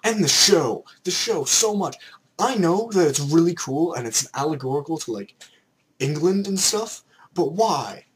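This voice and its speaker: Excitable young man ranting animatedly. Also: fairly high pitch, measured pace, slightly rough. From Canada. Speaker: vlogger. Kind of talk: ranting vlog.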